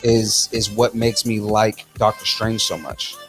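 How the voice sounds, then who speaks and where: A man's voice: lowish voice, steady tone, a little slow, a bit bright, faint music behind. A man co-hosting a casual podcast chat, talking with enthusiastic, opinionated energy and often repeating himself as he builds a point. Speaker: podcast co-host.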